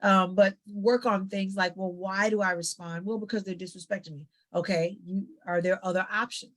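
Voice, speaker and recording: A woman psychologist talking as an interview guest, giving lively conversational advice and acting out little family dialogues. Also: mid-range voice, normal speed. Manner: animated, acts out family dialogues with quoted voices.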